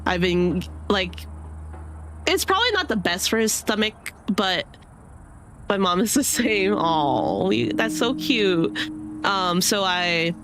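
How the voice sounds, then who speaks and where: A woman's voice: mid-range voice, big pitch swings, slow, a bit bright, slight background noise. A young woman chatting casually, rambling with many fillers and sometimes tearful. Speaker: streamer. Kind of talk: casual chat.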